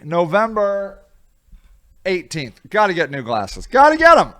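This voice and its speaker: A man from the United States talks slowly and casually to the camera, rambling along and poking fun at himself. His voice sits a little high for a man and jumps between quiet asides and loud bursts. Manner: rambling, self-deprecating, animated; voice swings widely in loudness. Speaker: vlogger, show host. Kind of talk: casual solo commentary.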